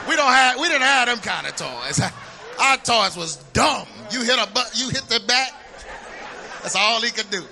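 High, bright-voiced preacher man. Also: moderate pace, some chatter behind, slight background noise. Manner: animated, shouts for emphasis, humorous storytelling. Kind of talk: sermon.

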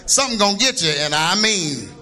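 High, bright-voiced preacher. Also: male voice, very animated, a little fast. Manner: joking, laughing, bursts into shouts. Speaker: pastor. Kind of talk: sermon. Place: church before a congregation.

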